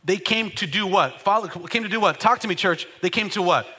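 A male pastor preaches with a high, bright voice. He calls out to the congregation and waits for it to answer back in lively call-and-response. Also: a little fast, breathy edge. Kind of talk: sermon.

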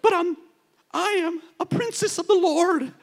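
A man's voice: extremely high pitch, measured pace, voice pushed up. A man voicing a whiny, self-important churchgoer, pleading and indignant. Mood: indignant whine.

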